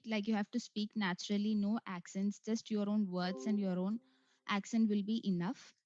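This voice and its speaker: A woman talks the viewer through each screen of an online test, filling pauses with "so" and "uh". Her voice sits fairly high. The recording is dry and close, and a little muffled and dull. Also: darkish tone, no echo. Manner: step-by-step instructional, frequent "uh" and "so". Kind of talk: screen walkthrough tutorial.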